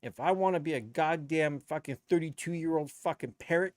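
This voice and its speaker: A man's voice: a little high, normal speed, background noise. A man, a DJ chatting on his live stream in a blunt, rambling, profane way. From Canada. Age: 50s. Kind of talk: casual live-stream chat.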